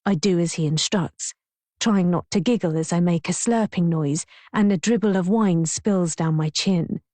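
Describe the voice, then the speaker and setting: A woman's voice: fairly low pitch, moderate pace, dark tone, no room sound. A woman narrating a first-person audiobook in a wry, mocking tone.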